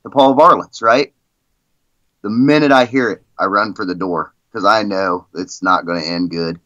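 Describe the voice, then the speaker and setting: A man's voice: fairly low pitch, moderate pace, sharp tone, no echo, highs cut off. A man guest on a podcast, telling stories in a rambling, casual way with lots of "you know" and "I mean". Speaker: guest, league president. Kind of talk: casual storytelling in a podcast interview.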